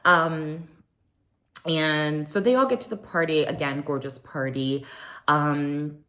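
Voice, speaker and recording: This woman's voice sits low with a fairly bright tone, and her pace is slow. She's casually recapping a reality show, talking in a chatty style full of "um"s and acting out what others said.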